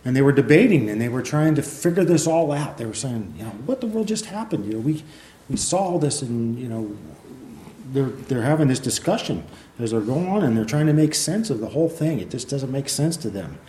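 A man preaching a sermon in a relaxed, conversational way, with many fillers, who reads passages of scripture aloud. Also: medium pitch, brisk, slight background noise. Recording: echoey room.

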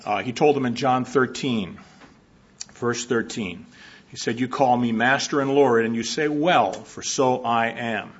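A man with a husky, mid-pitched voice delivers a sermon in a measured, reflective way, pausing on fillers as he works through his points. The recording is dull and lo-fi, as if taken from a hall. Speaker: preacher.

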